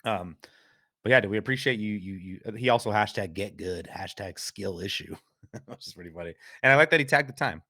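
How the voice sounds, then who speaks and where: A man's voice: fairly low pitch, a little fast, pushed and bright, dry recording, studio quality. A man hosting a casual podcast chat, laughing often and reading out viewer comments. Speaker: podcast host.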